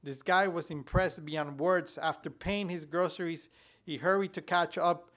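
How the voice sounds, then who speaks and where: A male pastor delivers his sermon for a church podcast. His voice sits a little high for a man. He tells a story in a conversational way, often restarting his sentences. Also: steady tone, measured pace, a bit bright. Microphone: podcast recording.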